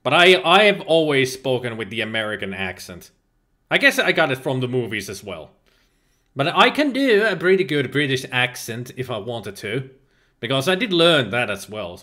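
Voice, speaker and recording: A man's voice: medium pitch, very animated, moderate pace, bright, forceful tone. A man from Finland, a native Finnish speaker, chatting casually as a game streamer, reading viewer chat aloud and answering it with frequent laughs. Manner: laughs often, playful exclamations. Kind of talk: casual livestream chat while gaming.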